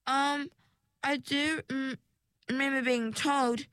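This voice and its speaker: A woman's voice: a little high, fairly bright tone, dry recording, voice pushed up, close to an everyday voice. A woman voicing a timid, unsure young mermaid girl who speaks hesitantly. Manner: hesitant, halting.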